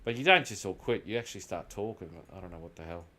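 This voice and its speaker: This is a low, quick-paced voice from an Australian man who hosts gaming videos. Chatting loosely as he games, he drifts from one animated tale to the next and curses without restraint.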